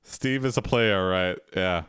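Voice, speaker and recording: A man's voice: low voice, takes it slowly, a bit bright, clear, resonant tone, dry recording, studio quality. A man hosting a stream built on an AI story, chatting casually in a rambling, playful way with lots of asides. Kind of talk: casual chat.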